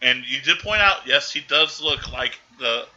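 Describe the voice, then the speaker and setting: A man's voice: mid-range voice, expressive, measured pace, sharp tone, lo-fi sound, slight background noise. A man hosting a podcast, casually recapping a film and rambling through quoted lines. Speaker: podcast host.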